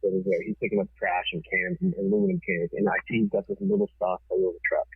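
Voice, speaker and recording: A forceful man tells a wild story with casual swearing. His voice is low and husky and sounds tinny, as if over a phone line. The sound is dry and close. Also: sing-song, fast, no echo. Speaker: TV producer, podcast guest.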